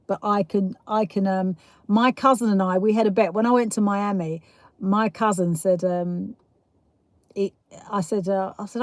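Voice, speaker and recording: A woman's voice: mid-range voice, fairly even intonation, normal speed, dry recording. A woman from South East London with a South East London accent, hosting a casual livestream and chatting with viewers, laughing often between rambling asides. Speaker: livestream host. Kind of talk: casual live chat reading comments.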